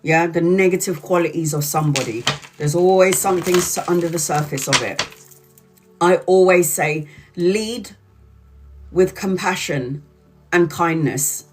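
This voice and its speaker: Woman tarot reader on a casual live stream, blunt and foul-mouthed, leans on slowed-down words. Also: on the low side, over music. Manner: blunt and profane, emphatic; drawls key words slowly for emphasis.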